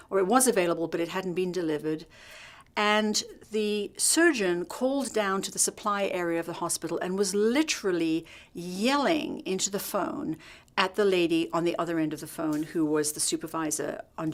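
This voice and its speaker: A middle-aged woman teaching leadership through a hospital story, telling it in a lively way and acting out the dialogue. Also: mid-range voice. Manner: lively, acts out quoted dialogue. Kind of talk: storytelling workshop talk.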